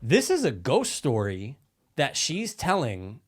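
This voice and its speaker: A man's voice: mid-range voice, huge pitch swings, takes it slowly, slightly rough. A man co-hosting a podcast, talking in a laid-back, profane, sarcastic way during casual review chat. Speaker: podcast co-host.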